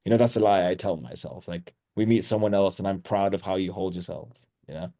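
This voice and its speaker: Man, sales trainer on a group call, crude joking, low mellow voice. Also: fairly quick. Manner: blunt, crude teasing humor.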